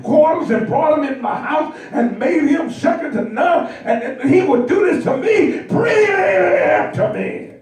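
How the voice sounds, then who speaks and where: A man voicing an enraged, betrayed master, shouting indignantly, recorded far off in an echoey hall. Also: extremely high pitch, expressive, measured pace, few pauses, pitched above the performer's own voice, full character voice.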